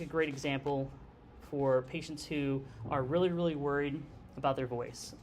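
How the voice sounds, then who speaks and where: A man's voice: fairly high pitch, slight background noise. A man giving a lecture on airway anesthesia in a conversational way, often checking in with the class by asking "okay?". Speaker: nurse anesthesia instructor.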